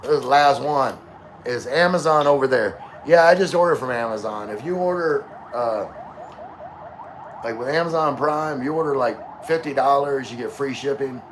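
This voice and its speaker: A man reading viewer comments on a casual live stream, rambling and relaxed while drinking with his chat. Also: mid-range voice, normal speed, slight background noise. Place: room with floor-to-ceiling window.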